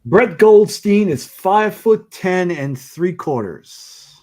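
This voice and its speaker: A man's voice: sits high, lively intonation, slow, warm tone. A laid-back man from Texas co-hosting a podcast, chatting casually and joking. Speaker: podcast co-host. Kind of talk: casual chat.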